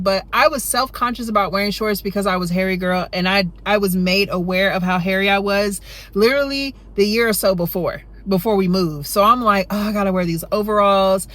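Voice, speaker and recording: A woman casually telling a storytime tale, chatty and rambling, often tucking in "you know" and "right?". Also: fairly quick. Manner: jumps high and loud when acting out her younger self. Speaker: storytime vlogger.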